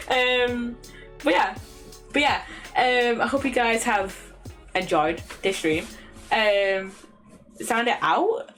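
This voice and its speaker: With a slightly high, fairly bright voice, a young British woman chats casually while gaming on stream, speaking slowly and pausing often. She rambles, stumbles over words, and giggles, and faint lofi music plays underneath.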